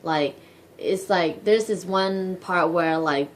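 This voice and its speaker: A woman's voice: lowish voice, takes it slowly. Profane ranting young woman vlogger. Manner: profane, exasperated, heavy use of filler words. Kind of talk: casual rant to camera.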